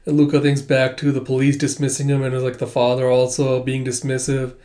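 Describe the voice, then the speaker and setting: Chatty guy recapping a comic, mid pitch, lots of "like" and "uh", laughs easily. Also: completely flat delivery, a little fast, warm tone. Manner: chatty, laughing, many fillers. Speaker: comic read-through host. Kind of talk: casual commentary.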